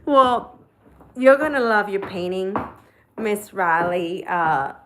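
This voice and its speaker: A woman's voice: mid-range voice, lively intonation, slow pace, noisy background. A woman, chatting casually and cheerfully with viewers on a live stream. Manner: chatty and upbeat, talks straight to viewers. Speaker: crafts livestreamer. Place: home, walking outdoors to a chicken coop.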